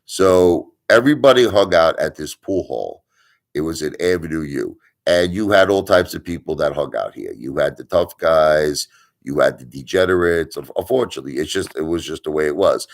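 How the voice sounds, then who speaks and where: A middle-aged man with an extremely low, rumbling voice, hosting a live stream. He rants and tells stories bluntly, repeating his points for emphasis and swearing casually. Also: expressive, normal speed, vocal fry. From Brooklyn, New York. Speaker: livestream host. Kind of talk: ranting storytelling live stream.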